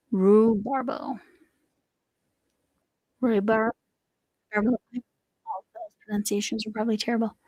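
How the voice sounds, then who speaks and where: A woman's voice: mid-range voice, no echo, rough recording. A middle-aged woman hosting a crochet livestream, rambling in casual chat with a voice that is slightly going. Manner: rambling, chatty, trails off and restarts.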